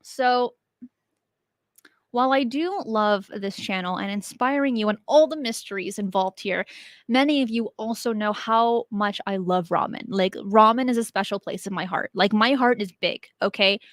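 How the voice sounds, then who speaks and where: A woman's voice: medium pitch, moderate pace, dry recording, clean studio sound. Chatty woman host answering questions. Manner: chatty, animated, laughs easily. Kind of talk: casual chat.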